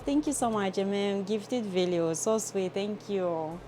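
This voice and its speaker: A woman chatting with her viewers while she cooks in a home kitchen, excitable and talkative, with some non-native phrasing. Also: mid-range voice, unhurried, a little hiss or hum. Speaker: cooking livestreamer. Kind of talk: casual live cooking chat. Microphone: phone.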